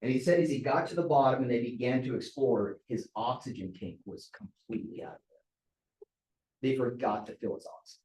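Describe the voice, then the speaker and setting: A man's voice: mid-range voice, moderate pace, a little mellow. Man training a team in a roomy echo. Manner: conversational storyteller who demonstrates vocal inflection. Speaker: real estate team trainer. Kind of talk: training talk at a team meeting. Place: office meeting room.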